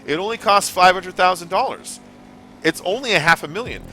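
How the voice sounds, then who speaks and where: Young American male streamer, casual rambling commentary, bright tense tone, light music under. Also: high-pitched, animated, fairly quick. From United States. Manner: chatty, rambling, laughs at own jokes. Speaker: streamer hosting game lobbies. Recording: faint background music.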